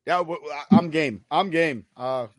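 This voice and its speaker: A man's voice: a little high, moderate pace. A man with a New York accent co-hosting a podcast, asking the guest questions with eager laughs and stumbling starts. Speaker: podcast co-host. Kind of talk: casual interview chat.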